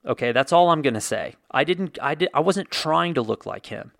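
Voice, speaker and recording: Gravelly middle-aged man telling a story. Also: on the high side, animated, normal speed, fairly bright tone, dry recording. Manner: rambling, self-deprecating, with restarts. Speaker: YouTube photographer and podcaster. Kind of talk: casual storytelling monologue. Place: Santa Fe.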